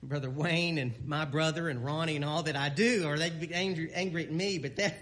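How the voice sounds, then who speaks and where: A man preaching in a folksy, unpolished way, stopping and restarting his thoughts with plenty of filler sounds. His voice sits a little on the high side for a man, and he chuckles at himself now and then. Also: fairly even intonation, brisk, fairly bright tone. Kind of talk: informal sermon.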